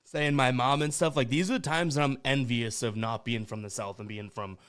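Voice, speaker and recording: This podcast host from Boston has a mid-range, fairly bright, clean-toned voice with fairly even intonation and a fairly quick pace. Chatty and casual as he reacts to voicemails, he laughs a lot and trips over his words.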